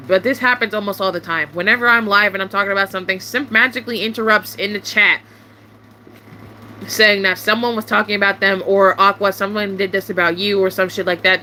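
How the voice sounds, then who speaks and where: A young woman venting to camera in a casual monologue, irritated and swearing often, with sharp rising outbursts. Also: medium pitch, slight background noise.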